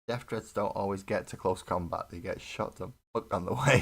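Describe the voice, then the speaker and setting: This man's voice sits low and is creaky and slightly rough, moving at a moderate pace with hardly any pauses. He's casually chatting on a live stream while building a miniature model, rambling, laughing at himself and swearing freely into a desk webcam setup.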